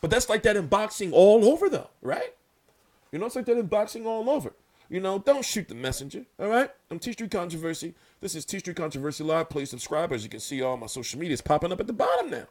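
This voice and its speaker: A man's voice: sits high, sing-song, fast talker, a little mellow. A man hosting his own boxing channel, talking loosely and profanely with lots of fillers. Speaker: boxing commentator, channel host. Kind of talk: casual boxing talk commentary.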